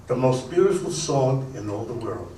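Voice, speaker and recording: A man doing a stand-up routine on a comedy club stage, telling jokes deadpan. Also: mid-range voice, moderate pace, background noise. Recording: echoey club recording from a distance.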